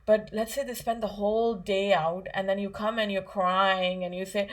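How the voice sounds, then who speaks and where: A woman's voice: mid-range voice, fairly even intonation, moderate pace, few pauses. Woman teaching children with questions. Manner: asks kids questions, conversational, many fillers. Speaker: Islamic studies teacher for children. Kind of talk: children's lesson.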